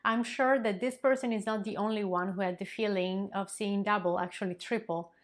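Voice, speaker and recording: A woman's voice: medium pitch, fairly even intonation. Woman teaching a lesson. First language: Italian. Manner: clear, explanatory, repeats example phrases slowly. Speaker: Italian language teacher. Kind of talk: scripted language lesson.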